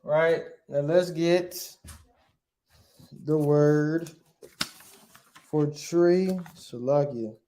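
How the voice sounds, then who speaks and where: A man's voice: on the high side, fairly even intonation, warm tone, roomy sound. A man giving an informal Bible language lesson, checking in with "right?" and stopping to look up words as he goes. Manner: casual, repeats "right?" often, pauses to look things up. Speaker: teacher.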